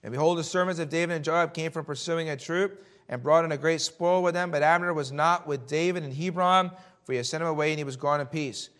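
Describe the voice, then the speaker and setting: A man preaching a sermon and reading scripture, throwing out rhetorical questions and swinging between loud emphasis and hushed warnings. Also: on the high side, quick pace. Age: adult, Army veteran.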